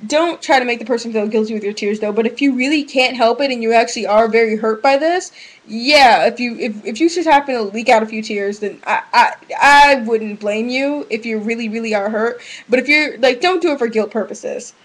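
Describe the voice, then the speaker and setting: Young woman, slightly high pitch, casual webcam vlogger, rambling and blunt advice. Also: fairly quick, poor audio. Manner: rambling, chatty, restarts often, frank. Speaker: vlogger giving relationship advice.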